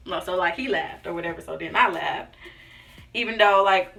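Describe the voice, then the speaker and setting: A young woman vlogger with a lowish, bright, forceful voice and vocal fry relates a personal story at a moderate pace. She's chatty and casual, acting out quotes and often saying "like" and "y'all." The recording is distant and slightly off-mic, with faint background music.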